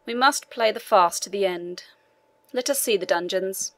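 A man's voice: sits high, moderate pace, fairly bright tone. A woman reading the part of a tired, faintly condescending man, a prison inspector, in an audiobook. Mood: weary, dismissive.

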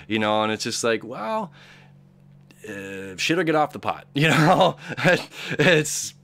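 A man's voice: fairly low pitch, fairly bright tone. Rambling upbeat man reading horoscopes. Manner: rambling, upbeat, many fillers and acted-out inner voices. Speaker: astrology channel host. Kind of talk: casual spoken astrology reading.

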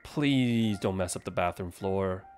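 A man with a low, slightly mellow voice speaks at a measured pace, faint music playing behind him. He's streaming a game live, chatting with viewers and characters, reacting to what's on screen, and he startles readily.

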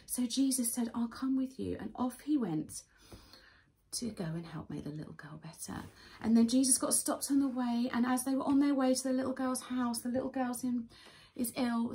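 With a high-pitched voice and a slightly fast pace, a thirtysomething woman brings a Bible story to life for a children's worship session. She gasps and performs different voices along the way.

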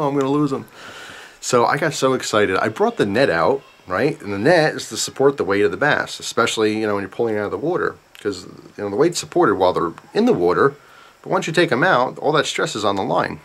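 A man with a somewhat low voice talks straight to his viewers in a relaxed storytime vlog. He rambles through the tale with animated energy and keeps stopping for side comments. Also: gravelly. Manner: rambling, animated retelling with asides. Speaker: vlogger. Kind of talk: casual storytime.

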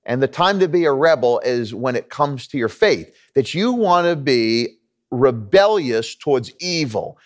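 A pastor preaching a conversational, emphatic sermon with stories and a New York accent. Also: male voice, medium pitch, lively intonation, a little slow.

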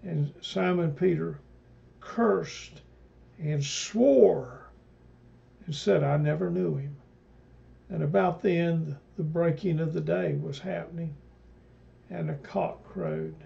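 A man teaching a Bible study in a slow, deliberate, halting way, full of fillers and restarts. His voice is deeply gravelly with a dark, mellow tone and sits a little on the high side for a man. The recording sounds dull and lo-fi. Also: steady tone. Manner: retells scripture, quoting speakers in old-fashioned phrasing. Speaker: pastor leading Bible study. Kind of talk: mid-week Bible study talk.

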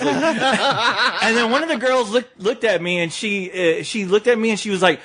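A man's voice: high-pitched, moderate pace, husky. A young man, a podcast co-host and movie reviewer, telling a comic story with lots of laughing and acted-out voices. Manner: animated, laughing, acting out voices. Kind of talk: comic storytelling, casual chat.

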